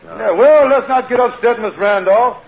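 A sly con man with a high, reedy voice who sweet-talks in flowery phrases full of grammar slips. It is old 1940s radio comedy, with a dull, muffled tone. A faint hiss runs under it. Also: moderate pace, gravelly. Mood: scheming. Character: scheming smooth-talking middle-aged male con man. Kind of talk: 1940s radio sitcom acting. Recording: hissy old radio recording.

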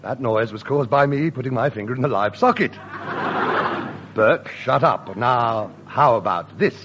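A man doing radio sketches with brisk, animated comic timing. The recording is dull and lo-fi, with clear noise hiss behind him. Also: medium pitch. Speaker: radio comedy performer.

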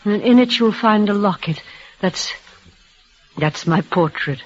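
An actress playing a frail, devoted young woman near death, speaking in a halting, breathless, emotional way in a 1940s radio play. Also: medium pitch, natural voice. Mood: tender. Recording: muffled old radio broadcast.

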